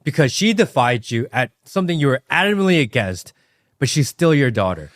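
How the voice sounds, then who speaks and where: A podcast host, a man with a mid-pitched voice whose intonation rises and falls with animation. He pushes back on his guest in a reflective, measured way. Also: very animated. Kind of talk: podcast conversation.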